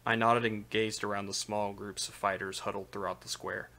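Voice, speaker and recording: Brief: man, lowish bright voice, live-stream novel reader, steady narration. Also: normal speed, gravelly, hardly any pauses. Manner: steady narration with occasional slips. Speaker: streamer reading aloud. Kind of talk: live reading of a light novel.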